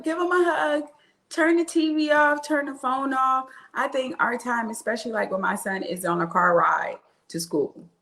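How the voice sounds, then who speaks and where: A woman with a slightly high voice talks slowly as a guest in a casual chat. She is animated and laughs often.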